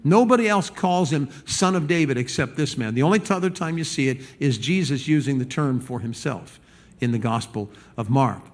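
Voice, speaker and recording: Guy pastor giving a sunday sermon, chatty and animated, lots of restarts, middle-pitched voice. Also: moderate pace. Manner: animated, acts out the people he quotes; conversational with restarts and repeated words.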